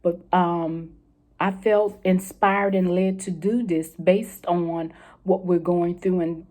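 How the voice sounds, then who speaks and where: A woman's voice: on the low side, steady tone, takes it slowly, mellow. A woman coaching listeners through a self-help lesson, encouraging and repetitive, often checking in with "okay?". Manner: encouraging, repeats key points, checks in with "okay". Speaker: mental health coach.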